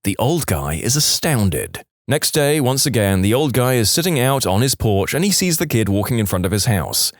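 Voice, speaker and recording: A man hosting a podcast, reading jokes aloud in a deadpan way. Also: medium pitch, normal speed, hardly any pauses, no echo, studio quality. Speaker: podcast host.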